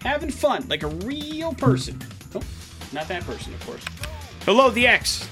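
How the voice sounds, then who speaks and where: A man on morning radio with a high, bright voice, tossing out headlines in easy, jokey studio chatter. Faint music sits under his voice. He keeps the talk loose and playful. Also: sing-song, normal speed. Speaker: radio morning show co-host. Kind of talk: casual radio chat and news headlines. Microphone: studio microphone.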